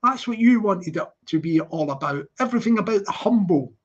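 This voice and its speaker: A livestream commentator speaks a little fast at medium pitch, sounding animated. They ramble and repeat themselves, constantly saying "you know what I mean," over lo-fi livestream audio.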